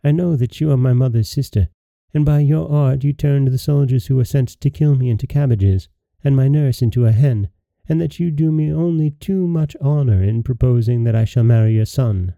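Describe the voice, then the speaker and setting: A modest, gentle young princess from a storybook, read by a man answers shyly and softly. The voice is very dark and gravelly. The recording is dry and dull. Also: mid-range voice, normal speed, hardly any pauses, no echo, natural voice.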